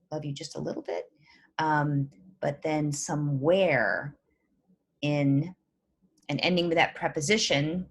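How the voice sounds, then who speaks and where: Woman professor, low voice, lecturing through a poem, lots of "um" and "right?". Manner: explanatory, with frequent "um" and checking "right?".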